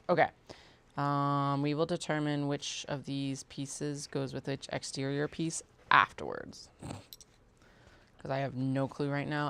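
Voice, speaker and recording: Casual craft streamer, a woman with a low, gravelly voice, muttering and narrating her sewing steps. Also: a bit bright. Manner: chatty, talks herself through steps, mutters and swears casually. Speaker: sewing livestream host. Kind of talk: casual chat while sewing.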